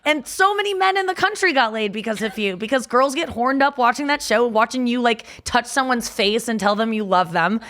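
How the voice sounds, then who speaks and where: A woman's voice: fairly high pitch, a little fast, hardly any pauses, a bit bright. A woman comedian chatting as a guest on a studio podcast, telling a story with lots of fillers and laughs. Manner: rambling, filler-heavy storytelling with frequent laughs. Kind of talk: casual podcast chat.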